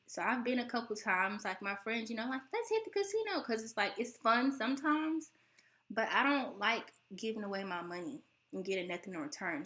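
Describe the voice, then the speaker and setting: A young American woman talks straight to the camera in a loose, chatty way, laughing often and breaking into high, exaggerated impressions of her relatives. Her tone is bright and forward, with a slight teary edge that stays even when she isn't upset. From United States. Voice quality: voice sounds close to tears. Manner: animated, laughing, mimics relatives in high voices. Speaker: vlogger host. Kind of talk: casual talking-to-camera chat.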